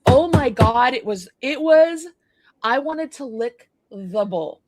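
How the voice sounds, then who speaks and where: A middle-aged woman co-hosting a casual chat show, telling a story in an animated way, acting out the dialogue and laughing often. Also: fairly high pitch, slow, dry recording. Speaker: co-host.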